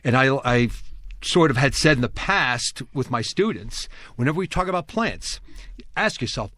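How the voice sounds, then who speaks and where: Man, radio garden show host, chatty, mid pitch, dry studio sound. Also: lively intonation, normal speed, pushed and bright, no room sound. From New Jersey. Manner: chatty, enthusiastic, talkative. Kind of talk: casual on-air chat.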